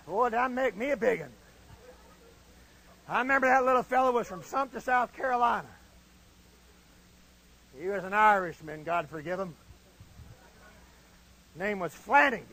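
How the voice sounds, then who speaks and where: A middle-aged man preaching in a folksy, animated storytelling manner. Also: high-pitched, moderate pace, long pauses, rough recording. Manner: animated, folksy, shifts into shouting. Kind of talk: storytelling sermon.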